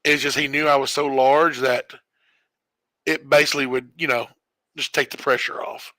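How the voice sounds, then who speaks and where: Bright-voiced man rambling through a story. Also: medium pitch, flat delivery, moderate pace, no room sound. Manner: rambling, self-correcting storyteller who chuckles often. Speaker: streamer. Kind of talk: casual storytelling while gaming.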